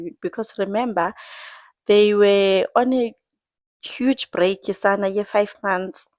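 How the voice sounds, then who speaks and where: A South African woman dishes on a reality show in a chatty, confiding way, her voice at an ordinary middle pitch. The sound is close and dry, with no room around it. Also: a little mellow, no room sound. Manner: chatty, mixes in isiZulu words, calls the viewer 'Sana'. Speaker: entertainment gossip host. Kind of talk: casual reality-show recap.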